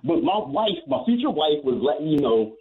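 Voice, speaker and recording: A man's voice: on the high side, moderate pace. Rambling male caller on a tinny phone line. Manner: rambling, repeats himself, animated storytelling. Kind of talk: telling a story on a phone call.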